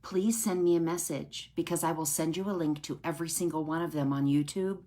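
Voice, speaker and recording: A woman's voice: low-pitched, steady tone, fairly quick, warm tone. A woman sharing her personal story with her followers in an earnest, heartfelt way, often checking in with "right?".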